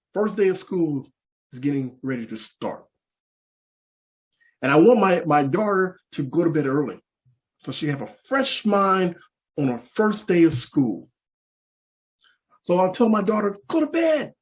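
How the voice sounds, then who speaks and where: A man performing stand-up, telling a repetitive, animated story about parenting from the stage. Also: fairly high pitch, a little slow, pauses often. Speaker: stand-up comedian.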